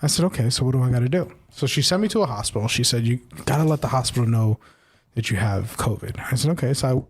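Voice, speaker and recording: A man's voice: medium pitch, quick pace, husky. A man co-hosting a podcast, telling a long personal story in casual chat and tagging on "right?" a lot. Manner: animated, repeats "right?" often, acts out quoted voices. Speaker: podcast co-host.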